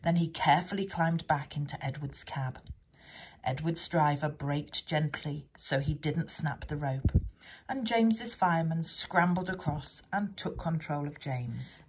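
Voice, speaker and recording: A woman's voice: deep voice, measured pace, slightly rough. A woman reading a children's storybook aloud, adding chatty asides of her own.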